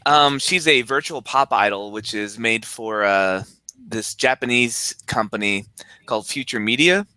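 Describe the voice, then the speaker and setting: Bright-voiced man chatting on a podcast. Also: medium pitch, unhurried, clear, resonant tone, no echo. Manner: chatty, relaxed news-item presenter with fillers. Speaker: podcast co-host. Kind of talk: casual chat.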